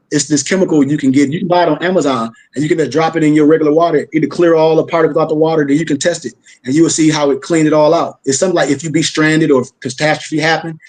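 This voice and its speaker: A man with a Gullah accent from Florida leads a spiritual class, his voice sitting a touch high. He talks fast and rhythmic, sliding into a preacher's cadence with loose slang. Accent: Gullah-influenced Southern US. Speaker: spiritual teacher. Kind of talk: informal class discussion.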